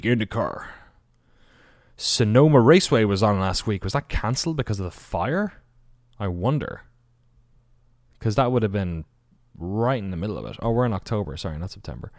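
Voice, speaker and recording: A man's voice: lowish voice, expressive, normal speed, a little mellow, dry recording, studio quality. A man hosting a solo podcast. He rambles off the cuff, swears casually and keeps correcting himself. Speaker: podcast host.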